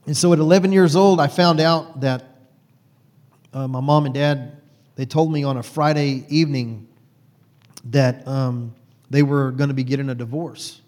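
A man's voice: medium pitch, steady tone, normal speed, pauses often, darkish tone, big-room sound. A man from Texas, a guest telling his personal faith story in an earnest, heartfelt way.

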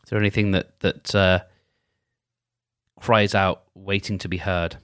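A man hosting a solo podcast, leading a gentle, halting, reflective check-in with frequent restarts. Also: deep voice, little pitch movement, smooth, no echo, studio quality. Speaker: podcast host.

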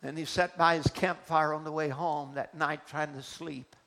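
A man preacher delivering an emphatic, deliberate sermon in a church. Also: a little high, little pitch movement, vocal fry. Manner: emphatic, slow and deliberate, swinging between soft and loud.

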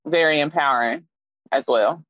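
A woman from Kansas City with a Midwestern accent, chatting as an interview guest, animated and expressive. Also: moderate pace, highs cut off. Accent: Midwestern American. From Kansas City, Missouri. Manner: animated, expressive, jumps up in pitch for emphasis. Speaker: fashion designer guest. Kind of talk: casual interview chat.

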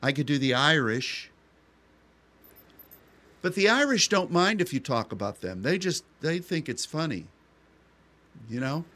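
A man's voice: fairly high pitch, big pitch swings, unhurried, pauses often, sharp tone. A man co-hosting a radio show in a casual, rambling chat, joking often and restarting his sentences. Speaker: radio co-host.

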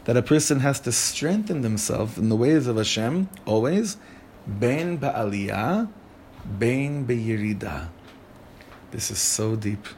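A man teaching a Torah class conversationally, an animated manner and lots of questions put to the group. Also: mid-range voice, moderate pace, a little hiss or hum. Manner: animated, asks the group questions, many restarts.

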